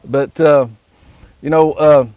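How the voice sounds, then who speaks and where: A man's voice: fairly high pitch, steady tone, takes it slowly, smooth, dry recording, dull audio. Folksy West Virginian man chatting live. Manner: rambling and folksy, reads viewer comments aloud and chuckles often. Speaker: host of a live morning coffee stream. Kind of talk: casual live-stream chat.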